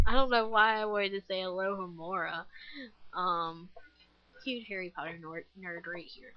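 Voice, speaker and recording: A woman's voice: mid-range voice, steady tone, slow, long pauses, lo-fi sound. Rambling self-deprecating young woman gamer. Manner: rambling, self-deprecating, lots of fillers and giggles. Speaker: gaming vlogger. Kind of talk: casual gameplay commentary.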